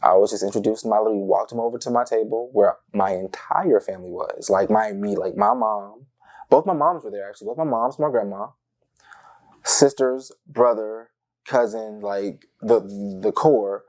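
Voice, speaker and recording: A young man from Tampa, Florida, telling personal stories as an interview guest, animated and acting out the voices of the people in them. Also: fairly low pitch, moderate pace. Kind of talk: casual personal storytelling.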